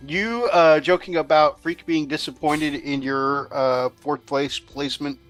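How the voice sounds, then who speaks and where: A man's voice: a little high, fairly even intonation, a little slow, a bit bright, soft background music. A man co-hosting a casual livestream, reading out viewer comments and teasing the others. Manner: reads out chat comments, teasing. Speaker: podcast co-host.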